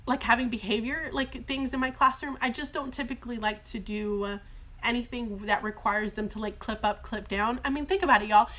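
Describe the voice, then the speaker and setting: A woman teacher chatting casually on a live phone stream from a car shop, her voice slightly hoarse from long talking. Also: fairly high pitch, a bit bright. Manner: chatty and bubbly, many fillers. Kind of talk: casual livestream chat. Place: brother-in-law's car shop, indoors.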